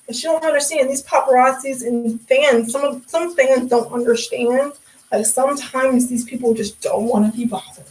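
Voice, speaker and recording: A woman's voice: sits high, moderate pace, poor audio. A young woman vlogging in a casual, chatty way, speaking loosely with slang as she gives her opinions. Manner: chatty, conversational, uses slang.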